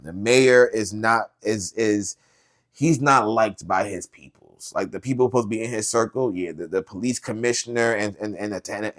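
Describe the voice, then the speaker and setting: A man hosting a podcast, casually recapping a TV series in slangy, animated storytelling with lots of filler. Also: on the low side. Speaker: podcast host.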